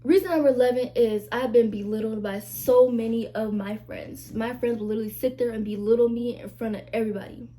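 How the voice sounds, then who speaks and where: Speaking fairly quickly with few pauses, this young woman has a mellow, steady, fairly high voice. She chats to her camera in a casual, confessional, emphatic way, peppering her talk with "like" and "y'all" asides for viewers.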